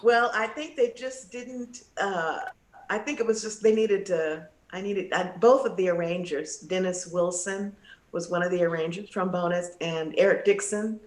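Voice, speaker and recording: A woman, a guest vocalist, telling a lively story over a video call and acting out the people she quotes. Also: fairly low pitch, moderate pace, roomy sound. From United States, Texas and California. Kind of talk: storytelling in casual interview.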